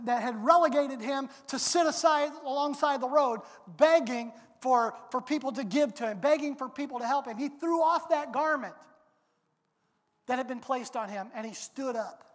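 A preacher delivering a sermon in an emphatic way, now and then bursting into loud, dramatic quotes, recorded in a large church sanctuary. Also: high voice. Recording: long hall reverb.

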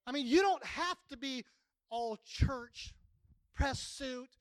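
Man, 60s, preacher, sermon, very high-pitched, folksy and plainspoken, dry. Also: takes it slowly, dry recording, poor audio.

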